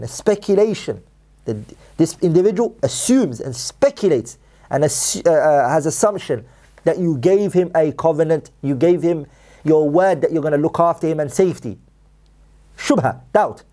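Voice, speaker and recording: A man teaching a religious lecture, quickly reciting Arabic texts and then translating them with emphatic repetition. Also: sits high, warm tone. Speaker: Islamic teacher.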